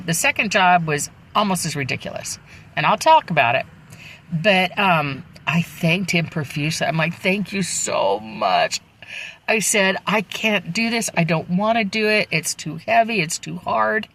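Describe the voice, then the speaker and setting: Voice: medium pitch, bright, forceful tone, rough recording. A person telling their own life story in a casual, candid and rambling way, with frequent asides. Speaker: memoir storyteller.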